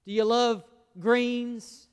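Pastor, folksy sermon style with questions to the pews, smooth resonant voice. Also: male voice, extremely high pitch, little pitch movement, drawn-out words. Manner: folksy, asks the congregation questions. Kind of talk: conversational sermon. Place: church sanctuary. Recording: long church hall reverb.

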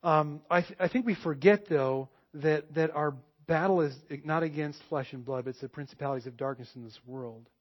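A pastor delivers his sermon in a fairly high voice, swinging into animated storytelling and voicing both sides of a conversation. The recording is a little dull and muffled. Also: a little fast, few pauses.

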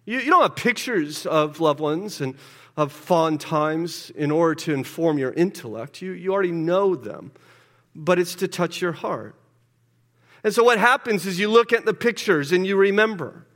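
A man preaching a sermon in a church, often repeating words as he swings between loud urgency and hushed intensity. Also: sits high, animated, moderate pace. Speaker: pastor. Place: church sanctuary. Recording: long hall reverb.

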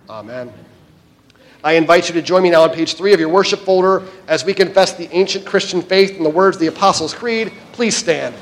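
A man's voice: a little high, a bit bright. A man preaching a sermon as pastor at a church service, addressing the congregation directly and earnestly.

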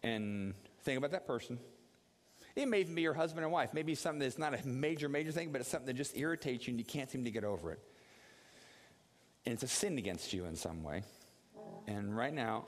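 A man preaching a sermon, telling the story vividly and acting out the quotes in an animated way. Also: quick pace. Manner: animated storytelling with acted quotes, dropping low for prayer. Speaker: pastor. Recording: long hall reverb.

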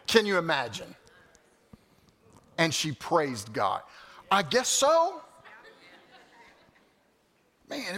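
A male pastor preaching a sermon, swinging from loud exclamations to quiet, casual asides. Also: a little high. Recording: hall reverb.

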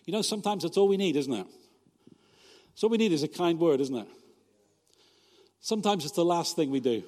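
A fairly high-voiced male pastor preaching in a relaxed, joking manner, often checking in with his listeners through questions. His voice carries a long reverb, as if recorded in a church hall. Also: a little fast. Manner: conversational and humorous, full of rhetorical questions. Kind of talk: sermon.

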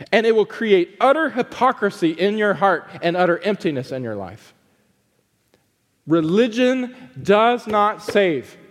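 A man preaching a sermon as a pastor, swinging between forceful emphasis and hushed pleading. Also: high-pitched, long reverb tail.

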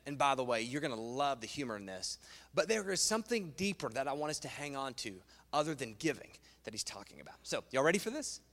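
A man preaching a sermon as pastor in a church, animated and playful, cracking jokes and asides. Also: fairly high pitch. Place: church sanctuary. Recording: long reverb in a large hall.

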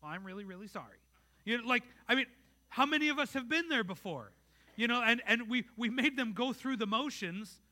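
A pastor preaching a conversational sermon, earnest, and putting rhetorical questions straight to the congregation. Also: male voice, very high voice, moderate pace, pushed and bright.

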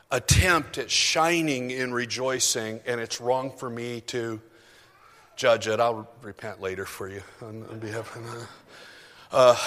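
A man's voice: mid-range voice, fairly bright tone. A male pastor giving a chatty, self-deprecating sermon full of asides, speaking to his congregation in a church sanctuary. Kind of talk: conversational sermon. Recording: long reverb of a hall.

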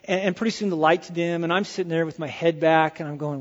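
A male pastor preaching a sermon, telling a personal story in an animated way and dropping to hushed tones for effect. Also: on the high side, fast talker, husky, long reverb tail, highs cut off.

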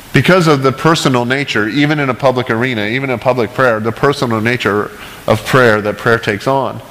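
A man's voice: mid-range voice, fairly bright tone, in a large hall, rough recording. A male pastor preaching a casual, conversational sermon with chatty, self-deprecating asides and frequent "right?" checks.

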